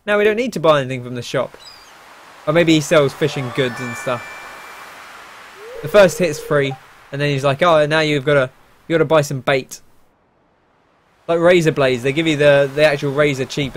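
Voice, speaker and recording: A man's voice: fairly high pitch, fairly quick, a little hiss or hum. A young man casually commenting on a video game as host, chatty with wry asides. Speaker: let's play host.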